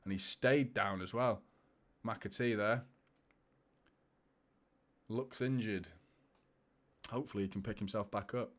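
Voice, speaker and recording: A man's voice: on the low side, fairly even intonation, measured pace, pauses often. A man, hosting a live football watchalong, chatting casually and laughing as he reads viewer comments. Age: 30s.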